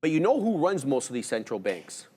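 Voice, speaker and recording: A man co-hosting a live stock trading stream, walking through his trades and giving shout-outs to viewers in the chat. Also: medium pitch, very animated, a little fast, breathy edge. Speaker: trading show co-host.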